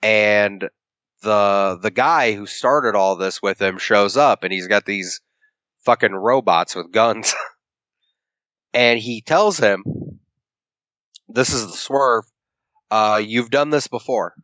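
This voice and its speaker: A man's voice: fairly low pitch, takes it slowly, pauses often, a bit bright, no room sound. A man co-hosting a podcast, retelling a comic book's story at length in casual chat and acting out the characters' lines, swearing freely. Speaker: podcast co-host. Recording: dull lo-fi podcast audio.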